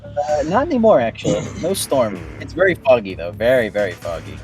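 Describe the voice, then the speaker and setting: A man's voice: mid-range voice, huge pitch swings, fairly quick, a little mellow, soft background music, low-quality recording. A man narrating a tabletop role-playing game as game master, hesitant with many fillers.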